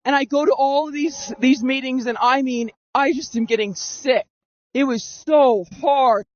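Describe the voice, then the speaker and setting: A high-pitched woman around thirty recounts her own story with earnest drama, acting out how she reacted back then. Her voice runs through a masking filter, and the recording is dull and dry with no room sound. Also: unhurried, dry recording. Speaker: storyteller giving personal testimony. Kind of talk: first-person storytelling.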